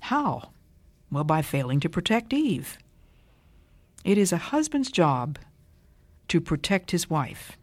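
An older woman giving a scripted radio Bible talk in a measured, emphatic way. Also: lowish voice, very animated, dry recording. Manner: measured, deliberate, emphatic delivery.

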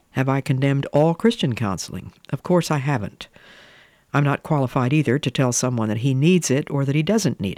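A woman giving a slow, deliberate radio devotional talk as a Bible teacher, stressing words and sometimes dropping to a near whisper. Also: very deep voice, darkish tone, dry recording, studio quality.

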